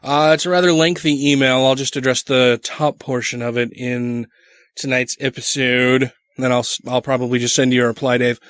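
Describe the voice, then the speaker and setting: A man's voice: mid-range voice, steady tone, moderate pace, a bit bright, smooth, no echo, clean studio sound. A man co-hosting a casual podcast, bantering and swearing freely. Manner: profane, laughing banter. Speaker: podcast co-host.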